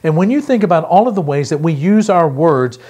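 Earnest pastor man with a higher voice. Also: expressive, dark tone. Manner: earnest, emphatic, repeats key phrases slowly. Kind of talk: pre-recorded sermon.

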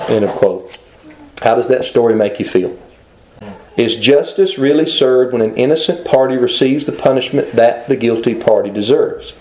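A man delivers a sermon in a mellow, relaxed voice at an ordinary pitch. He reasons aloud and keeps putting rhetorical questions to his listeners. The room around him adds a noticeable echo. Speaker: preacher.

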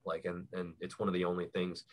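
A young man explaining things in a relaxed, rambling way, with lots of fillers, as a podcast guest. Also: deep voice, fast talker. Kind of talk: casual chat.

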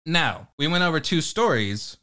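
Young man, podcast host, high bright voice, joking and profane. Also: sing-song, moderate pace. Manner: joking, profane, laughs often. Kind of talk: casual podcast chat.

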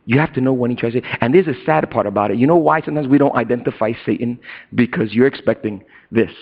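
A middle-aged man preaching a sermon as a pastor, chatty and casual, who swings from loud, high bursts to hushed, low asides. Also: fast talker, gravelly, husky. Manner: casual slang and asides to the congregation. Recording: dull lo-fi recording.

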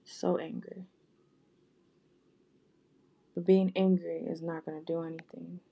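A woman speaking gently and directly to her viewers, repeating heartfelt apologies and words of comfort. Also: fairly low pitch, level tone, brisk, gravelly, breathy edge, dull audio. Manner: gentle, soft-spoken, repetitive, with frequent restarts. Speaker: vlogger.

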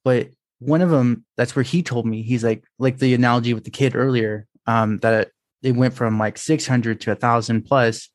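A man hosting a podcast, talking in a hesitant, halting way with many pauses and restarts. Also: mid-range voice, fairly even intonation, no room sound, studio quality. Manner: hesitant, many fillers and restarts, self-described introvert. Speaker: podcast host. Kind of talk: casual podcast conversation.

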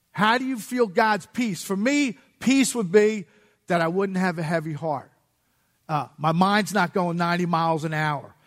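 A man gives his testimony from the pulpit in a relaxed, plain-spoken way, slipping into street slang and chuckling at himself. His voice sits a little high for a man. The sound carries a long echo from the church sanctuary. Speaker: guest speaker giving testimony in church. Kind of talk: sermon testimony. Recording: long reverb of a church hall.

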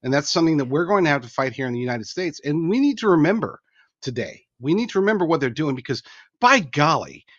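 A man's voice: a little high, expressive, quick pace, dry recording. Emphatic man on a dull remote line. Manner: emphatic, folksy, with frequent restarts. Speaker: guest commentator. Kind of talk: remote interview answers.

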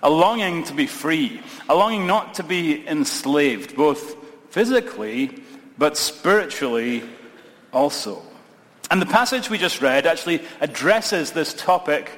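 Scottish pastor preaching in a reverberant hall. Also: male voice, on the high side, expressive, a little slow, fairly bright tone. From Scotland. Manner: conversational, lightly humorous preaching. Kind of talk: sermon. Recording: long reverb of a large hall.

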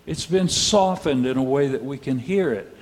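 A man preaching a sermon as pastor, measured and rhetorical, with dry, wry asides and pointed questions to the congregation. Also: medium pitch. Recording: long hall reverb.

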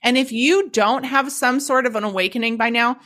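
Woman cohost, bright slightly high voice, swears a lot, animated storyteller. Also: brisk. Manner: blunt, profane, animated storytelling. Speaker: podcast co-host. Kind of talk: casual recovery talk.

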